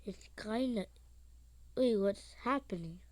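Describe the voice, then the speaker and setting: A woman commenting as she plays a mobile game, excitable, with sing-song chatter and yelps. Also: medium pitch, slow, no echo. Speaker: gamer.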